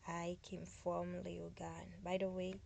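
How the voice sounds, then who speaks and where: A Haitian-accented woman leads a beginner lesson at an unhurried pace. Her voice is fairly low with a gravelly edge. She drills each phrase with patient repetition and breaks off for chatty, self-mocking asides. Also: monotone, darkish tone. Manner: repeats phrases slowly, then translates them. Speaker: language teacher.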